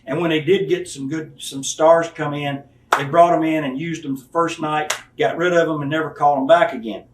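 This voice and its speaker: The speaker is a retired wrestler in his fifties, interviewed candidly, whose storytelling is blunt and profane and full of impressions of the people he quotes. His voice is on the high side, fairly even in intonation, and fairly quick. Faint hiss, an echoey room, and a distant mic mark the recording.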